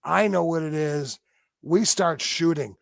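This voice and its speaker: A man's voice: on the high side, measured pace, gravelly, no echo, studio quality. A man on a podcast telling a story vividly as a guest, imitating the sounds he describes.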